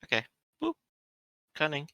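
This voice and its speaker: A man's voice: a little slow, bright, forceful tone, dry recording. A man playing in a tabletop game, joking around playfully. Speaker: player. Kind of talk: casual game chat.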